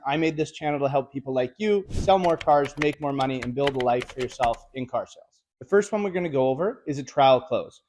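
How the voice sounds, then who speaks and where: A man teaching car sales closing techniques in a direct, energetic coaching manner, with casual slangy phrasing. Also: on the high side, a little hiss or hum. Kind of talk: instructional video talk.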